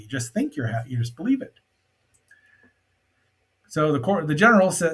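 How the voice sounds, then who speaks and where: Husky guy rambling through an old movie review, chatty, lots of ums, mid pitch. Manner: rambling, chatty, many fillers and asides. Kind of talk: casual film review commentary.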